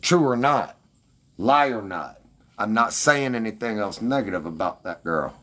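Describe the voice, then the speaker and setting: A man's voice: on the low side, lively intonation, unhurried, pushed and bright. A man ranting defensively and with heavy profanity at his livestream commenters.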